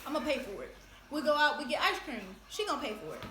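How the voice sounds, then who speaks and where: A high-pitched woman speaks quickly and emphatically, lecturing with frequent laughs. Her voice is bright and sharp, and the recording rings around an echoey room. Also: very animated, slight background noise. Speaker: host. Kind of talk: casual discussion.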